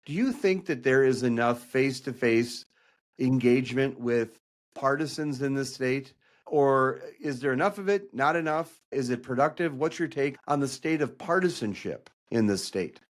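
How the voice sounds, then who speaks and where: A man's voice: medium pitch, lively intonation, normal speed. A man hosting a podcast, asking long, layered questions that he corrects and rephrases as he goes. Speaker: podcast host. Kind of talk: interview questions.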